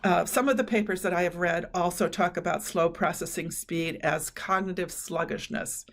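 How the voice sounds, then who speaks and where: A middle-aged woman presents a webinar in an earnest, explaining manner, pausing on fillers as she tells anecdotes. Her voice sits a little low and has a gravelly, fry-touched edge. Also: fairly even intonation. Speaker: presenter on cognitive training.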